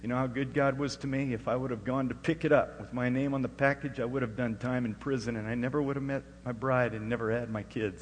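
Middle-aged man, pastor, sermon with testimony, hall reverb, shifts from hushed telling to loud preaching. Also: mid-range voice, steady tone, fast, hardly any pauses, slight background noise. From Alaska. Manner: swings from hushed storytelling to loud, rising preaching.

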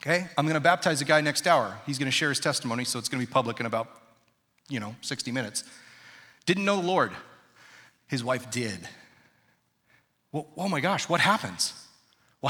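Preaching as pastor in a big church auditorium, this thirty-something man uses a fairly high, bright, forceful voice. He keeps things conversational and puts questions to the congregation, with the reverberant hall echoing around him.

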